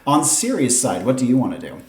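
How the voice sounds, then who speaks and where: Man game master for a tabletop game, animated delivery, echoey room. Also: medium pitch, fairly quick, background noise. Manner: enthusiastic, lively. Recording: roomy echo.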